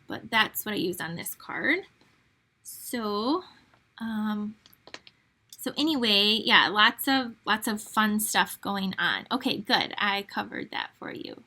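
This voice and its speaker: A woman's voice: medium pitch, pushed and bright. A woman hosting a live online card-making class, chatting casually with many fillers and answering viewers' questions.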